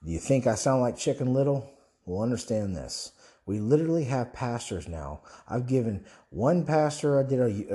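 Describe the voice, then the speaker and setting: Low, mellow-voiced man preaching fervently. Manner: preachy and rambling, with restarts and rhetorical questions. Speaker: Christian online commentator. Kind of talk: impassioned monologue.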